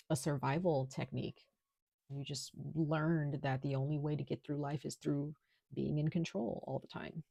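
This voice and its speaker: A woman with a low, mellow voice gives a casual tarot reading from home. She talks in a chatty, reassuring way, full of fillers. The sound is dry and close to the mic. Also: vocal fry, no echo. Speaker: tarot reader.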